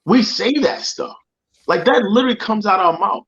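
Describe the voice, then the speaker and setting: A man's voice: high voice, animated, normal speed, a bit bright, lo-fi sound. A man speaking as a motivational guest, telling a personal story in conversation, earnest and often repeating phrases as he searches for words.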